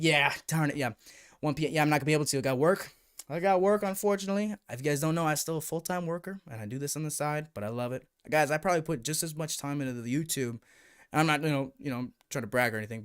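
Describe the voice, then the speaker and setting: A young man from the United States chatting on a live stream, excitable and rambling as he talks to his viewers. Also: mid-range voice, clean tone. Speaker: YouTube VR streamer. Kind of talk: casual live-stream chat.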